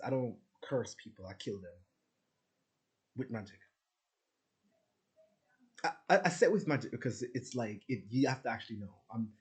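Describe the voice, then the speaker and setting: A man's voice: fairly low pitch, darkish tone. A man talking casually to his viewers in a rambling, boastful, profane rant. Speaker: spiritual vlogger. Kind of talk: casual ranting monologue.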